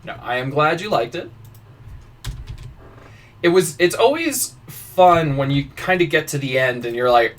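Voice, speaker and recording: A man's voice: a little high, sing-song, a little slow, pauses often, a bit bright, recorded from a distance. A man hosting a podcast, chatting casually with frequent swearing, stammering restarts and laughter. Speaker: podcast host. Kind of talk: casual chat.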